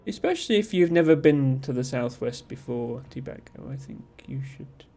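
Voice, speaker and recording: A streamer from Somerset in southwest England chats casually in a generic Southern English accent, rambling, poking fun at himself, and reading out viewer messages. His voice is medium-pitched, warm, gravelly and animated, moving at normal speed with hardly any pauses.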